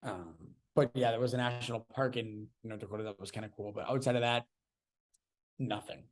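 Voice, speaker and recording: A man's voice: medium pitch, steady tone, brisk. A man co-hosting a casual podcast, giving short, blunt, dismissive replies. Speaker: podcast co-host.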